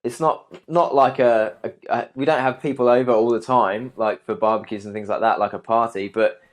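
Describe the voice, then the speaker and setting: A young man, a guest arborist, answering interview questions in a relaxed way with many ums and restarts. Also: medium pitch, a little fast.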